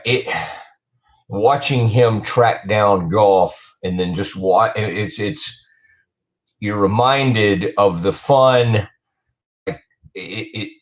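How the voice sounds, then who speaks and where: A man hosting a sports talk show, asking rambling questions with many halting restarts. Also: lowish voice. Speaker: show host.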